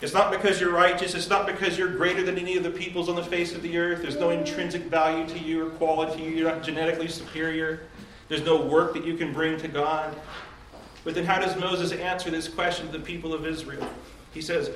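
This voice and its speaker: Male pastor, emphatic devotional preaching, slightly high-pitched, recorded far off in a reverberant room. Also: flat delivery, fairly quick, fairly bright tone, a little hiss or hum. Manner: earnest, emphatic preaching with rhetorical questions. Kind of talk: devotional sermon.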